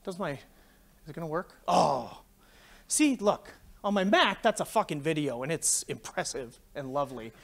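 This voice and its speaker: Canadian man, forties, conference speaker, swears a lot, lively storytelling, slightly high voice. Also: normal speed, creaky. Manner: swears freely, animated storytelling. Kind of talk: profane anecdotal tech talk.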